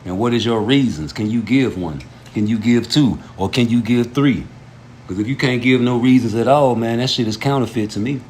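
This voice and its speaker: A man hosting a casual commentary show, talking in a profane, emphatic way that jumps high when he gets heated. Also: normal speed, a little mellow, slight background noise. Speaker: show host.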